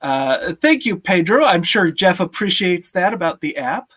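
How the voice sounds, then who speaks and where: A man's voice: sits high, big pitch swings, a little slow, a bit bright. Upbeat male stream host greeting viewers. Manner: upbeat, greeting viewers by name, laughing often. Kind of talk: casual live-stream chat.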